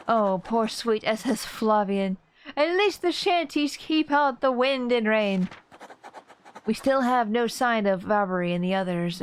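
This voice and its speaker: A woman's voice: mid-range voice, slight background noise, close to an everyday voice. A woman doing a pompous castaway merchant. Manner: slow theatrical reading in a put-on accent. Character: pompous rich male merchant, grieving castaway.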